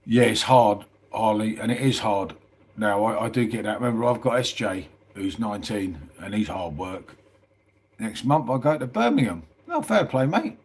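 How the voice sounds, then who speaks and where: A man's voice: on the low side, lively intonation, normal speed, husky. A middle-aged man, chatting casually on a live stream, reading out viewer comments and calling everyone mate. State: tired. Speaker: livestream host.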